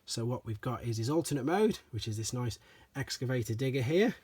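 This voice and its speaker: A man doing a casual show-and-tell review of collectible toys, chatty and relaxed, often repeating stock phrases like "as I say". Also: medium pitch, brisk, husky.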